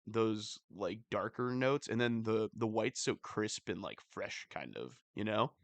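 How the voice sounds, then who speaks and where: A man's voice: lowish voice, a little slow, vocal fry, dry recording. A young man co-hosting a podcast in casual chat, rambling and laughing often. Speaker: podcast co-host.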